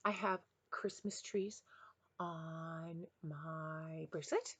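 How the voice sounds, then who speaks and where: With a low-pitched, slightly breathy voice and drawn-out words, a retired kindergarten teacher chats warmly after reading a picture book aloud. She rambles in a friendly manner, with occasional bursts of excitement, over a headset mic.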